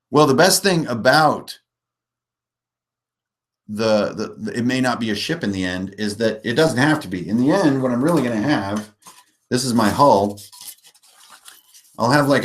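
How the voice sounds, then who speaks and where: A man in his forties hosts a casual live stream about tabletop gaming, rambling, joking and often laughing at himself. His fairly low voice is animated and fairly bright, moving at a measured pace with long pauses.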